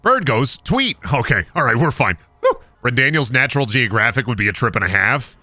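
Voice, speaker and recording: A man's voice: mid-range voice, lively intonation, fairly quick, pushed and bright, no room sound. A young man streaming a game, rambling through goofy jokes, swearing, and chatting with his audience. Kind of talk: casual game-stream commentary.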